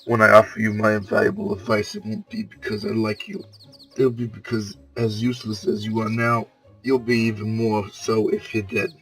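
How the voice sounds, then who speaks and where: A man voicing a cynical, greedy male talking magic bag in a put-on New York or Boston accent, with gruff tough-guy talk. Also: lowish voice, normal speed, a bit bright, faint music behind, poor audio. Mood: sardonic.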